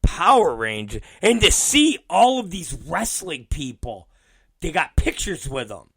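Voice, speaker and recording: A man hosting his own talk show, ranting and storytelling with heavy swearing, swinging between loud outbursts and muttered asides, often laughing. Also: fairly high pitch, big pitch swings, measured pace, vocal fry, husky, no echo. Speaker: podcast host. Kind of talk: profane comedic ranting.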